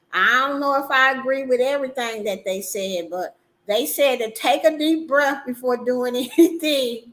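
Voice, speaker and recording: A woman hosting a casual livestream talk show, animated and emphatic, often laughing as she talks. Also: fairly high pitch, poor audio. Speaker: livestream host.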